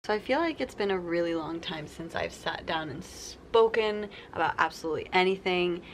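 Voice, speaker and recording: A woman's voice: lowish voice, lively intonation, moderate pace. Young woman vlogger, chatty storyteller; faint room noise under her voice. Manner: chatty storytelling, acts out quoted people. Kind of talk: casual sit-down vlog.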